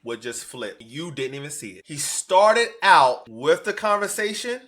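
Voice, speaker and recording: A man giving emphatic reaction commentary on clips, preaching his point with loud bursts and low asides. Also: big pitch swings, a little slow, heavy background noise.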